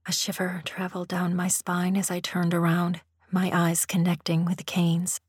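A woman narrating a first-person story in a soft, intimate whisper, as whispered role-play. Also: lowish voice, completely flat delivery, moderate pace, slightly rough, no room sound, clean studio sound.

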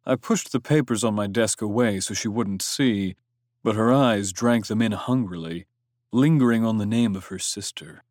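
A man's voice: fairly low pitch, moderate pace, darkish tone, no echo, clean studio sound. A man reading a first-person story aloud in a brooding, intense manner, with coarse swearing. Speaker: audiobook narrator. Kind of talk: scripted first-person narration.

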